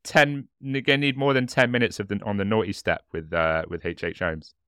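Low, bright-voiced man hosting a podcast. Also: a little fast, clear, resonant tone, dry recording, studio quality. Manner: relaxed, hesitant with many fillers, laughs often. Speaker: podcast co-host. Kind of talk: casual true-crime podcast chat.

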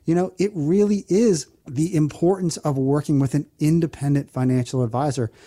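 Mellow-voiced radio money host. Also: male voice, on the high side, steady tone. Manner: earnest, explanatory, repeats phone number slowly. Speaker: financial advisor and radio show host. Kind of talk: radio talk show advice.

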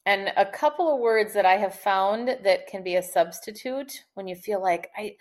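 A woman communication expert, a podcast guest, who explains tips in a lively, chatty way and laughs often. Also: mid-range voice, moderate pace. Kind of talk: conversational podcast interview.

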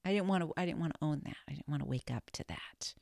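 A woman's voice: deep voice, quick pace, vocal fry, darkish tone, no echo, studio quality. A woman co-hosting a conversational faith podcast, speaking reflectively and questioning herself. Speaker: podcast co-host.

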